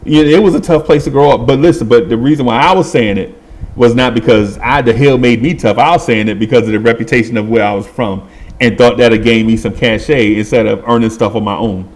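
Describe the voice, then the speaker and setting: A middle-aged man telling a comic story in lively, colloquial speech, laughing and acting out the people in it. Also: mid-range voice, a little fast. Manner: animated, laughing, acts out voices, colloquial. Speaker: podcast host.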